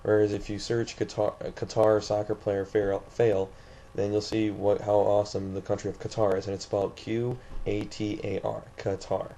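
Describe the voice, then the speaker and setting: A man's voice: fairly low pitch, flat delivery, moderate pace, warm tone, slight background noise. A young man from the St. Louis area, ranting indignantly in a vlog, rambling with many restarts. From St. Louis area, USA. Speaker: vlogger.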